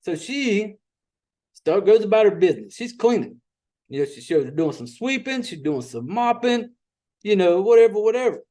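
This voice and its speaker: High-voiced Southern man recapping a movie. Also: very animated, moderate pace, mellow. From Southern United States. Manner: profane, rambling storyteller. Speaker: podcast host.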